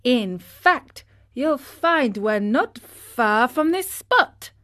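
A woman voicing a polite, calm male dolphin in a storybook reading, speaking in a courteous, measured way. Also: fairly high pitch, pitched above the performer's own voice, exaggerated voice.

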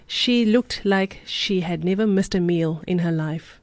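Mellow-voiced woman reading a story. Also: lowish voice, moderate pace, hardly any pauses, no room sound. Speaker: radio presenter. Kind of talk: scripted story narration.

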